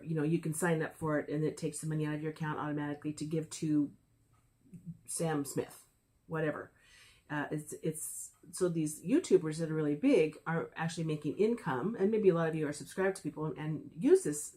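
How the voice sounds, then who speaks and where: Female vlog host, mocking and sarcastic, mellow tone. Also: sits low. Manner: sarcastic, reads lyrics aloud mockingly. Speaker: political commentary host. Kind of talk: casual political commentary vlog.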